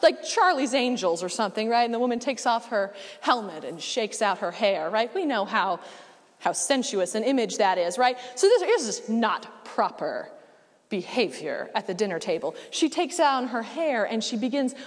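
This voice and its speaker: A woman preacher giving a sermon in a relaxed, conversational way with casual asides, recorded in a church. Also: fairly high pitch, moderate pace, in a large hall.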